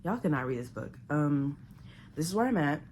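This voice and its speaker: A woman casually recapping a book to camera, animated and chatty. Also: low-pitched, moderate pace, slight background noise. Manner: chatty, animated retelling with loud quoted outbursts. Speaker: book vlogger.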